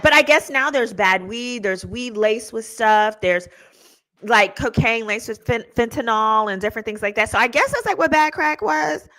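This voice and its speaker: A woman attorney hosting a show, telling stories in a casual, slangy, animated way with laughing asides. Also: fairly high pitch, normal speed. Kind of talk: casual storytelling chat.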